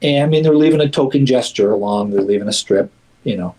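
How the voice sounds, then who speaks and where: A man's voice: mid-range voice, fast, a little mellow, rough recording. A man being interviewed as a community activist, talking casually and emphatically with many fillers and restarts, and acting out quotes in a livelier voice.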